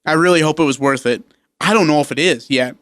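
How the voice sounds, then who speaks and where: A man's voice: fairly high pitch, quick pace, a bit bright, no room sound. A man co-hosting a sports radio show, talking casually with emphatic, opinionated energy.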